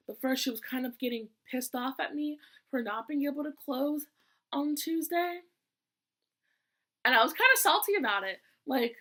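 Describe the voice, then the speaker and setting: A young woman with a bright, fairly high voice tells a story straight to her camera. She talks casually and gets sassy and exasperated at the people in it. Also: animated, moderate pace. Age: young adult. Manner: chatty and exasperated, with sassy asides. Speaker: vlogger.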